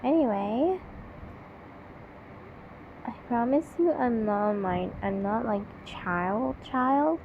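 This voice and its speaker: A woman's voice: fairly high pitch, expressive, slow, long pauses. A woman with a childlike-sounding voice, reading a story aloud and mocking it with incredulous asides. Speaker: channel host reading a story. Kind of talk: sarcastic reading commentary. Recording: dull lo-fi with faint hiss.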